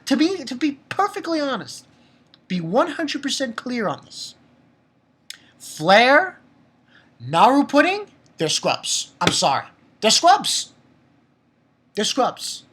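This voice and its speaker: A man giving a casual, excitable spoken review of a manga chapter, swearing and repeating himself for emphasis. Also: extremely high pitch. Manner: excitable, profane, laughs often; repetitive, emphatic.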